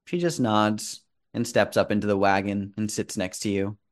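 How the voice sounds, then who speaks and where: A man narrating a tabletop role-playing game as game master, with slow, descriptive storytelling. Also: lowish voice, fairly even intonation.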